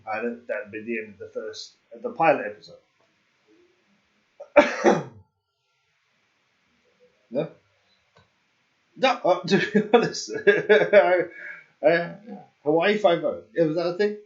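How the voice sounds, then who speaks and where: A man's voice: on the high side, expressive, slow pace, pauses often, muffled recording. A man streaming a game, chatting casually, rambling and joking and laughing at himself. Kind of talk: casual livestream chat.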